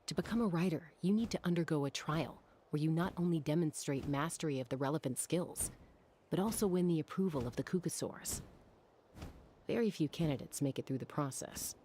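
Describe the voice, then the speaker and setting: A woman voicing a calm, low-voiced warrior woman. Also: fairly quick, a little hiss or hum, close to an everyday voice. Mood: reassuring. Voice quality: calm, steady, composed. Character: calm, composed young woman warrior of a flying clan. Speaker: game character. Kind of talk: video game voice acting.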